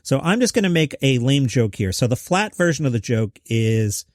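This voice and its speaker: A man's voice: medium pitch, sing-song, moderate pace, few pauses, a little mellow, no echo, studio quality. A man hosting a comedy news podcast, reading headlines with jokey asides. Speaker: podcast host.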